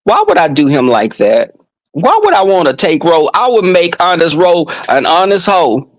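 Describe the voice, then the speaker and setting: A man's voice: high-pitched, sing-song, moderate pace, no echo, poor audio. A man vlogging, telling crude comedic stories to his viewers in a flamboyant, brash way with lots of swearing.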